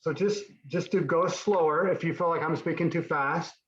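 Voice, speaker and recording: A man's voice: fairly high pitch, moderate pace, roomy sound, highs cut off. A man teaching a Spanish class online, encouraging students and often restarting his sentences. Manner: encouraging, repeats and restarts while explaining.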